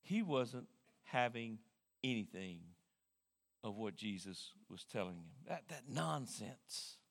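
A male pastor preaching a sermon in an animated way, often repeating words as he thinks. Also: medium pitch, slow pace. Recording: long hall reverb.

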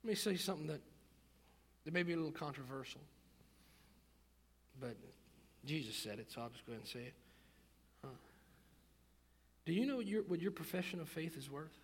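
High-voiced preaching man. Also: lively intonation, fairly quick, pauses often, husky. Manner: swings from low, quiet asides to loud emphatic preaching; reads scripture aloud, repeats words for emphasis. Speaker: pastor. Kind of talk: sermon.

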